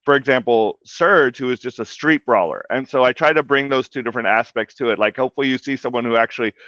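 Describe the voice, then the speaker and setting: A man's voice: mid-range voice, fast talker, fairly bright tone, no echo. A man guest talking casually about translating a comic, rambling with lots of "like" and "you know". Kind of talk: casual interview talk. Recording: dull lo-fi dry audio.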